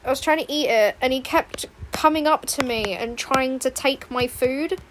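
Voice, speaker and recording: Young woman streamer, high voice, rambling casual chat, faint room hum behind. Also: normal speed. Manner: rambling, chatty, laughing asides. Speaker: streamer and artist. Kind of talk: casual chat while drawing. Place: home room, indoors.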